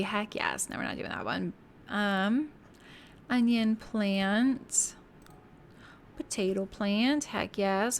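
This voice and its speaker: A woman's voice: medium pitch, vocal fry, a little hiss or hum. A woman game streamer chatting casually and giggling with her viewers while she builds in a game.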